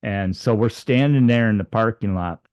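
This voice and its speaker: A man's voice: lowish voice, moderate pace, a little mellow, dry recording. A man telling a personal story, hesitant with many fillers and restarts.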